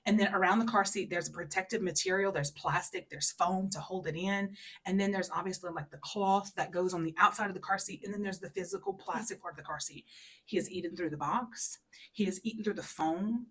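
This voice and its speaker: Husky-voiced woman telling a story. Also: brisk. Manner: animated storytelling with many fillers; acts out quotes in a high, loud voice. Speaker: podcast co-host. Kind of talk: casual chat.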